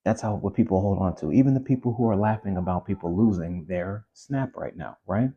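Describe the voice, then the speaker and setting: A man's voice: sits low, brisk, breathy edge, dull audio. A man hosting his own show, ranting in a casual commentary monologue with many restarts and asides. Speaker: podcast host.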